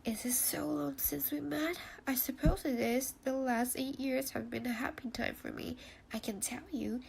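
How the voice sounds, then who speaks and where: Playful young wife, read by a woman in a soft gravelly voice, a bit higher, stuffy nose, faint hiss. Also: steady tone, moderate pace. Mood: eager.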